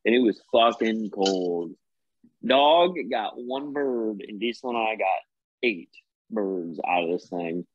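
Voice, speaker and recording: Cursing, animated podcast host. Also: male voice, lowish voice, slow, dry recording. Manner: profane, animated storyteller. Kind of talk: casual podcast chat. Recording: dry, slightly dull podcast mic.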